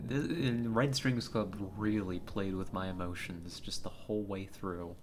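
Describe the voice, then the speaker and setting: A man's voice: low-pitched, fairly even intonation, a little slow, noisy background. A man giving casual, emotional let's-play commentary into a headset, chatting and laughing often as he reacts to the game. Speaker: game streamer.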